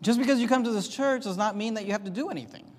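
Pastor mid-sermon: male, high voice, emphatic swings up and down, church-hall reverb. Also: racing, a little mellow. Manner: emphatic, rising and dropping sharply for effect.

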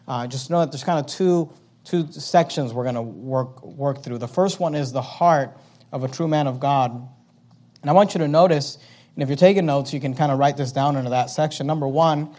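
High-voiced male pastor preaching. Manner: expository preaching, repeating key words and urging note-taking; grows louder and more emphatic when voicing the apostle's words. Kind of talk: sermon.

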